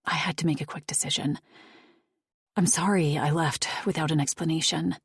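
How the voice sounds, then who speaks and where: Casting: an evasive, secretive woman read by a woman narrator, low husky tone, dry close sound. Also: steady tone, moderate pace, no room sound, heavily acted. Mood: guarded. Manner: evasive, quiet. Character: guarded, secretive woman, old friend.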